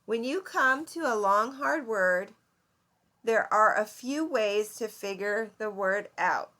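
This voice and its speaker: A woman teacher giving a recorded lesson, explaining slowly and clearly and asking her students questions. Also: medium pitch, animated, bright, forceful tone. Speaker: seventh grade English teacher.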